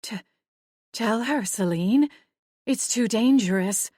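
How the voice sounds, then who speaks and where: A woman's voice: on the high side, slow, dark tone, dry recording, clean studio sound, voice pushed up. A woman voicing a fretful, flustered older aunt who fusses and stammers. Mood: panicked pleading. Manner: fussy, trembling, stammering.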